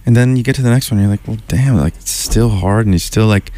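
Low-voiced man telling a winding story. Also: fast talker, mellow. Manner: loose, winding storyteller who circles back on himself. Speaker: musician guest. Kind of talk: radio interview storytelling.

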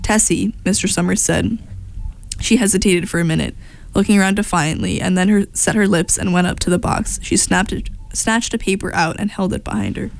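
A woman reading a short story aloud in a plain, steady way, with a few slips and restarts. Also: medium pitch, fairly quick, creaky. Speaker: story reader.

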